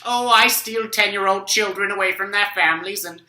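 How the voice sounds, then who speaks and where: A man's voice: sits high, moderate pace, pushed and bright, echoey room, voice pushed up. A young man playing a cheerfully oblivious old male professor who states absurd things matter-of-factly. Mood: deadpan.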